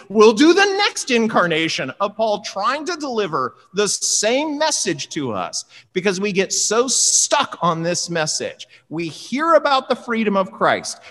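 Animated preacher in a reverberant hall. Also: mid-range voice. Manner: animated, conversational, acts out dialogue. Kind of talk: sermon.

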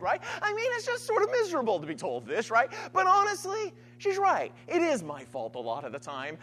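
A man's voice: high-pitched, fairly quick, hardly any pauses, slight background noise. A man preaching a sermon in a conversational style, often checking in with "right?". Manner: conversational, keeps asking "right?"; animated storytelling.

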